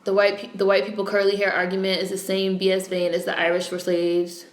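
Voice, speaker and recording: A woman's voice: mid-range voice, monotone, a little fast. Blunt, profane woman with a New York accent. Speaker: livestream host. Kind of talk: casual live-stream chat. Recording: echoey room.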